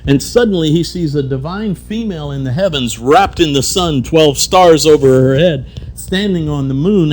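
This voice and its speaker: A man giving a keynote at a conference, telling mystical stories and acting out the characters in them. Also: mid-range voice. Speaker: keynote speaker. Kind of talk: spiritual storytelling lecture. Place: conference hall.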